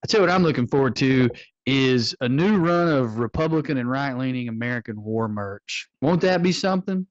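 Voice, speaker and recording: A man's voice: medium pitch, expressive, fairly quick, dry recording. Jokey man hosting a podcast. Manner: jokey, rambling, self-deprecating. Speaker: podcast host. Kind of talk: casual podcast chat. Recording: dull, slightly lo-fi remote audio.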